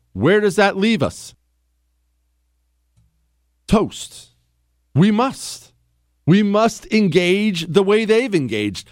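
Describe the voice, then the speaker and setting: A man's voice: fairly high pitch, no echo, studio quality. A man hosting a talk radio show, blunt and emphatic, repeating his lines for punch. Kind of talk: opinionated talk radio monologue.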